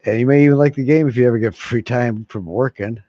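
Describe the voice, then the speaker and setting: A man's voice: mid-range voice, quick pace, dark tone, no echo. A man rambling casually to his viewers, swearing freely and chuckling between thoughts. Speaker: vlogger. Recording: dull lo-fi sound.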